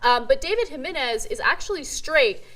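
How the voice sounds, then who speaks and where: A woman's voice: high voice, animated, normal speed, a bit bright. A young woman co-hosting an online news show, relaying a story in a casual, conversational way.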